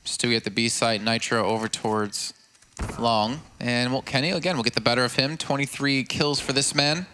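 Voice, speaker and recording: Man, esports analyst commentator, bright voice, measured talk, middling pitch. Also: steady tone, slight background noise.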